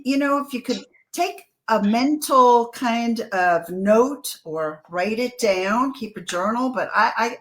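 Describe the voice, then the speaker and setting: Woman from New York, guest author, casual interview, animated storytelling, stammering restarts. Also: mid-range voice. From New York, USA.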